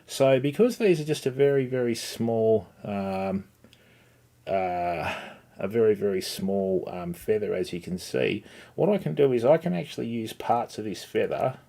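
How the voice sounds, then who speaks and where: His voice is lowish, expressive, and mellow, with vocal fry and an ordinary pace. He's a middle-aged man running a laid-back fly-tying tutorial livestream, greeting viewers by name and chatting chummily with lots of "okay" and "mate" as he ties.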